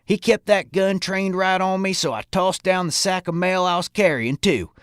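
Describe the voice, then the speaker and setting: An actor playing a tough, stubborn stagecoach driver who talks in a plain, folksy way. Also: male voice, high voice, normal speed, clear, resonant tone, dry recording, studio quality, lightly acted. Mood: recounting. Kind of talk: audio drama acting.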